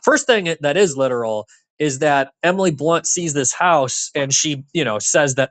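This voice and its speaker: A man with a slightly raised pitch rambles through a casual podcast chat about a film. He stacks fillers and restarts his sentences. The room sound is dry and close. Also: normal speed, fairly bright tone, dry recording. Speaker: podcast co-host.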